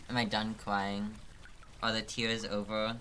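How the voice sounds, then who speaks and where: Swearing, bright-voiced male game streamer. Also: fairly low pitch, slight background noise. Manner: frequent swearing, laughing through frustration; talks to chat, thinking aloud. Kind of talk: live gameplay commentary.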